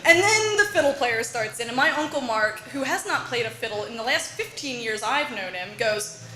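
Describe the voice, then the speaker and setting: A woman telling a personal story live on stage, animated and laughing often as she acts out her relatives' lines. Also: a little high, fast, few pauses, roomy sound, a crowd in the background, poor audio. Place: bar or small venue with audience.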